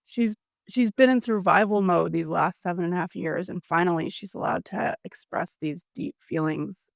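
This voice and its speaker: A woman's voice: fairly low pitch, normal speed, creaky, no room sound. Chatty woman podcast host, dry sound. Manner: chatty, sympathetic, recapping a story. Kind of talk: casual chat.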